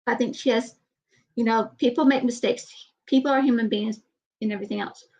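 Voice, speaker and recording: A woman with a light Southern US accent, talking in a candid, rambling, blunt way. Her voice sits high. The recording sounds dull and lo-fi. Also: fairly even intonation, a little fast, a little mellow. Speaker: vlogger. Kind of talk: casual chat.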